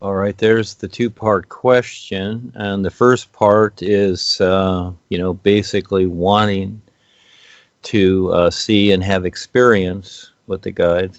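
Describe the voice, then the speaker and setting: A man's voice: deep voice, no room sound, lo-fi sound. A man speaking as a guest on spiritual topics, explaining in a rambling way with many fillers and restarts.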